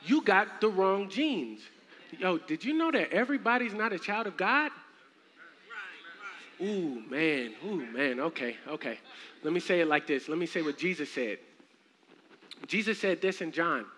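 A young man preaching a sermon in a church, animated and humorous with casual slang. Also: high voice, measured pace, long pauses. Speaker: minister. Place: church sanctuary. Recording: echoey hall, faint noise.

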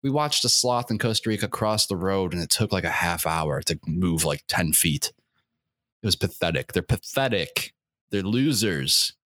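A man's voice: low voice, lively intonation, moderate pace, fairly bright tone, no echo, clean studio sound. A young man hosting a comedic rant, rambling with many fillers, crude and profane, getting worked up as he goes. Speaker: podcast host.

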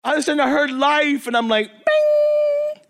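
A man preaching to a men's ministry, telling jokey, animated stories and acting out the people in them. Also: extremely high pitch, fast, creaky. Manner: animated, acts out quoted voices, jokey asides. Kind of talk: energetic storytelling sermon. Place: church or men's meeting hall.

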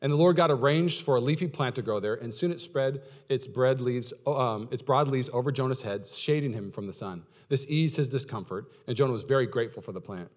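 A man, preaching a sermon as pastor. His talk is conversational and full of questions to the audience, and he swings from loud, high outbursts to low, quiet stretches. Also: a little fast, few pauses.

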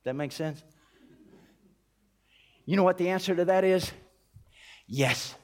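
Man, American, pastor, sermon, high voice, folksy animated delivery, acts out dialogue. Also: takes it slowly. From United States. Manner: drops to a low hushed voice for emphasis.

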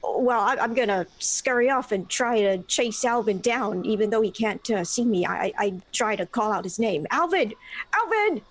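A woman's voice: mid-range voice, steady tone, moderate pace, hardly any pauses, low-quality recording. A woman playing her character in a tabletop game, hesitant and stammering. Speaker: player.

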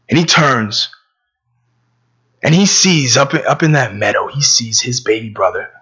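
A man's voice: mid-range voice, bright, forceful tone, slightly rough, muffled recording. A man preaching a sermon, telling a story conversationally with stammering repeats, then praying.

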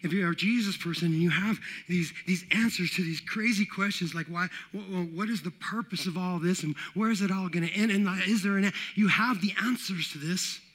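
A man preaching a casual, conversational sermon, often checking in with "all right" and building to loud high points. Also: a little fast, hardly any pauses. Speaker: pastor.

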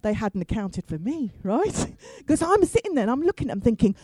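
A woman's voice: fairly high pitch, animated, fast, hardly any pauses, dark tone, husky, no room sound, rough recording. A woman stand-up comedian telling a story with wry asides and free swearing. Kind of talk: comic storytelling.

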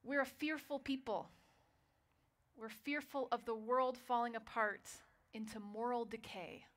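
Slow, storytelling woman preacher. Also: fairly high pitch, steady tone. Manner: storytelling, dropping to quiet for drama. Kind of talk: sermon.

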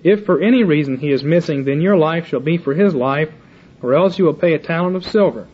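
A man's voice: fairly high pitch, a little fast, husky. An older man giving a Bible teaching lecture, retelling scripture in casual paraphrase and acting out the dialogue himself. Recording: muffled lo-fi recording.

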